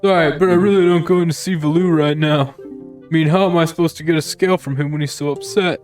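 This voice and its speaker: A man's voice: a little high, fairly even intonation, fast talker, darkish tone, soft background music, natural voice. A man reading aloud the lines of a sulky, proud young bird prince from a video game, in a petulant, scornful way.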